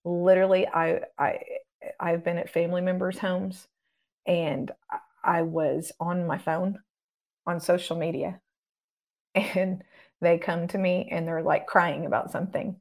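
Calm, low-voiced woman teaching earnestly. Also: a little slow, long pauses. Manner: calm, earnest, instructive, acts out prayers. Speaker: guest minister on deliverance. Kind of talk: conversational teaching interview.

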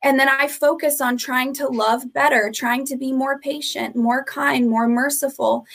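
A woman guest teaches on a podcast in a slightly raised voice. She lays out her points in a steady, earnest way and circles back to stress them. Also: a little high. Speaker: ministry founder, guest.

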